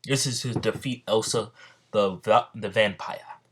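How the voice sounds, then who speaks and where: A man voicing an earnest young swordsman knight in a halting, plain read. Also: on the low side, steady tone, slightly rough. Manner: halting, plain reading of lines.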